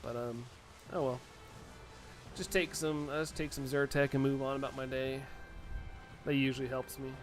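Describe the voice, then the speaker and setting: A man from the United States, a live streamer, chatting casually and answering viewer chat out loud. He sounds a little sniffly from allergies. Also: medium pitch, little pitch movement, normal speed, long pauses, soft background music.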